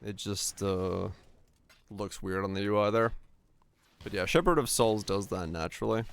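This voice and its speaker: A man's voice: fairly low pitch, moderate pace, vocal fry, clear, resonant tone. A man casually commenting while he plays a game on stream, rambling and answering chat questions as he goes.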